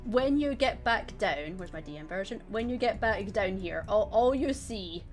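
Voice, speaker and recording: A young woman running a tabletop game as game master, casual and quick to laugh. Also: mid-range voice, lively intonation, soft background music. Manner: giggly, casual, swears freely.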